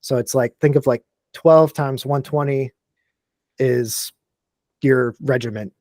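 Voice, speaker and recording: An animated man talks through a podcast in a dry, close room. He leans hard on his points, scatters "like" through every sentence and swears without a second thought. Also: mid-range voice, takes it slowly, no room sound. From Texas and Tennessee, USA. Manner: animated, emphatic, fills speech with "like", swears freely. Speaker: podcast guest, military veteran. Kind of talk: casual chat.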